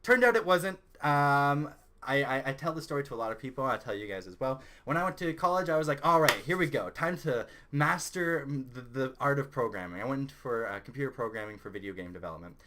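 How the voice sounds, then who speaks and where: A young man with a Canadian accent, hosting his own channel and telling a personal story in a lively, excitable way. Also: medium pitch, fairly quick. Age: young adult. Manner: animated, excitable storyteller who rises loud when indignant. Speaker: channel host. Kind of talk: casual storytelling vlog.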